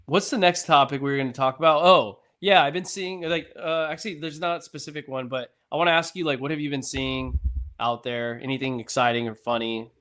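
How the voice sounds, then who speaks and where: A man's voice: mid-range voice, steady tone, brisk, a bit bright. Easygoing podcast co-host man. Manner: easygoing, agreeable, advice-giving. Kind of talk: casual chat.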